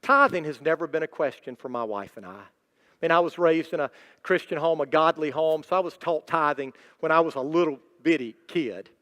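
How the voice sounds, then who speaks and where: His voice on the high side, bright and forceful, a pastor delivers a fairly quick sermon in a church sanctuary. He's emphatic and repetitive, growing more intense, and the hall adds a long reverb.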